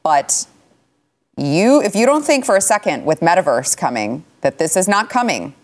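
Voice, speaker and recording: Woman host, low voice, sarcastic and casual panel commentator. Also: sing-song, normal speed. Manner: sarcastic, wry.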